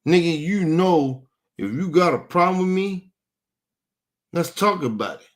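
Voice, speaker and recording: A man's voice: a little high, animated, measured pace. Angry man ranting in street slang. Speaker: podcast host. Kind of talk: heated rant to camera.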